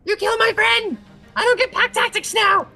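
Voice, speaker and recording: A man voicing a cowardly, boastful male kobold in a tabletop game, with a shrill, whiny delivery. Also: normal speed, vocal fry, bright, forceful tone, soft background music, heavily acted. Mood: indignant. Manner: shrill, whiny, braggy yelping.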